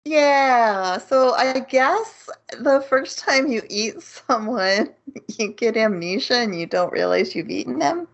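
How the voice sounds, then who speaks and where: Podcast lady talking real slow, laughs a lot, sound kinda muffled. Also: fairly high pitch, expressive. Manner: laughs often, slow and easygoing. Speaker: podcast co-host. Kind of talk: casual anime recap chat.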